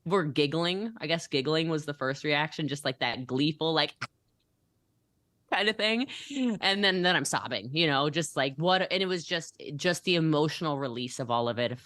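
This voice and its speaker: A woman telling a personal story as a podcast guest, animated and giggly, upbeat in manner. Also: sits low, moderate pace, no echo.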